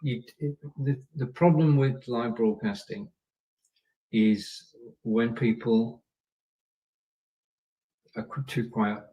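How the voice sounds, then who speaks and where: A man hosts a live stream and coaches his viewers in a chatty, repetitive way, dropping in "yeah" and "okay" as he goes. His voice sits at an ordinary pitch and sounds a little distant from the microphone. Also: fairly even intonation, slow, pauses often, highs cut off. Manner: chatty, repeats points, checks in with "yeah" and "okay". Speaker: live show host. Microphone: camera and microphone.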